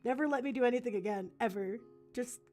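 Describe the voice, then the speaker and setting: A woman's voice: fairly high pitch, quick pace, warm tone, soft background music. A young woman chatting casually and playfully on a livestream, slangy and giggly while she works. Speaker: streamer drawing commissions.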